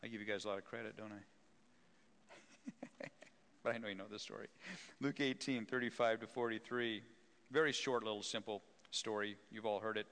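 A man preaching a sermon who retells a Bible story and acts out its people with lively energy. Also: fairly low pitch, brisk, long pauses, long reverb tail. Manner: animated, acts out voices.

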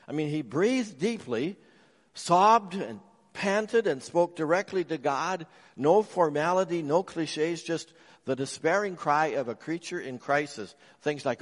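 A man preaching a sermon as a pastor. He tells stories, swinging from loud emphasis to soft, low asides. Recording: long reverb of a large hall.

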